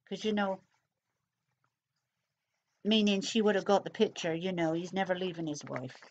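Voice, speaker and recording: A woman's voice: fairly low pitch, normal speed, lo-fi sound, a little hiss or hum. Chatty woman speculating aloud. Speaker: true crime commentator. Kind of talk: casual recorded commentary.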